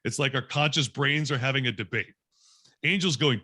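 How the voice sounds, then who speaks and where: A man's voice: mid-range voice, lively intonation, fairly quick, sharp tone, no echo, studio quality. A man in his late forties tells a candid, self-mocking personal story to a group over a video call. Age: 40s. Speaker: guest speaker.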